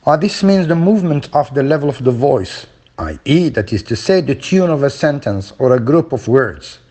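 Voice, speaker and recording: A man's voice: mid-range voice, expressive, moderate pace, warm tone. A man giving a phonology lesson, explaining stress and rhythm and drilling examples aloud, with frequent fillers. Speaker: teacher.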